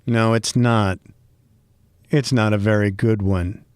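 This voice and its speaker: A middle-aged man from Boston with a Boston accent, hosting a solo podcast and rambling with wry, self-mocking humor and bursts of mock yelling. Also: fairly low pitch, steady tone, takes it slowly, clear, resonant tone, no room sound, studio quality. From Boston, USA. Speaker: podcast host. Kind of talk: freeform solo podcast monologue.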